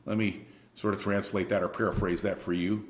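A man preaching a sermon, emphatic and lively, swinging between loud bursts and quiet asides. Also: sits low, brisk, reverberant, lo-fi sound. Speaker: pastor.

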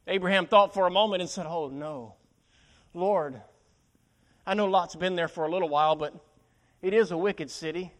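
A man's voice: high voice, moderate pace, sharp tone. A male preacher delivering a sermon, dramatically acting out the lines of Bible characters.

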